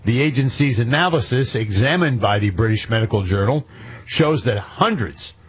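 A man's voice: medium pitch, expressive, normal speed, breathy edge. A man hosting talk radio, reading news items aloud and then chatting casually with his co-hosts. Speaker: radio show host.

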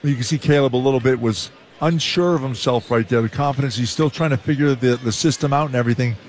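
A man's voice: mid-range voice, quick pace, slight background noise. Easygoing male color commentator. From Canada. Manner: relaxed, explanatory, with frequent "uh" and restarts. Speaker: color commentator, former player. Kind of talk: basketball color analysis.

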